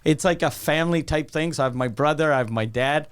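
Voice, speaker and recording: A man's voice: on the high side, quick pace, clean tone. A man hosting a podcast, telling a long, profane, rambling comic story and acting out the lines of the people in it. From Canada. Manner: rambling, profane, acts out quotes. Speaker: podcast host. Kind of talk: casual comedic storytelling.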